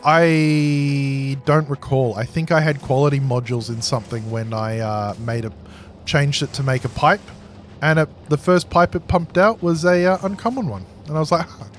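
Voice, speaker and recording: A man streaming a game, chatting casually with viewers in a slow, calm voice that he pitches from the chest. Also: soft background music. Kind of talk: casual live-stream chat.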